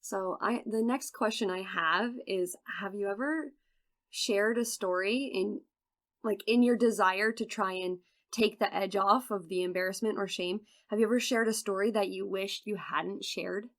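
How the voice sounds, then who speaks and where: A woman's voice: medium pitch, moderate pace. A woman hosting a podcast interview, encouraging her guest and laughing along with her. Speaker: podcast host. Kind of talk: casual interview chat.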